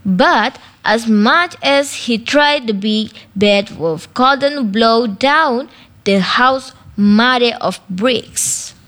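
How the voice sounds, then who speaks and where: A woman reading a children's story aloud in slow, careful storybook narration. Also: a little high, a bit bright.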